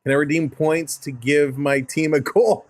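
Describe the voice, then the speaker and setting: A man's voice: on the high side, fairly even intonation, moderate pace, dry recording. Upbeat Canadian man calling hockey live. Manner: upbeat, greets chatters by name between game calls. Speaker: live-stream host and play-by-play caller. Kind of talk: live hockey play-by-play and chat.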